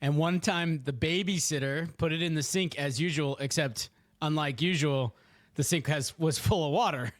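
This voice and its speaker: A man's voice: on the high side, normal speed, no room sound. A man co-hosting a comedy podcast, telling family anecdotes in a wry, dry, casual way. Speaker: podcast co-host.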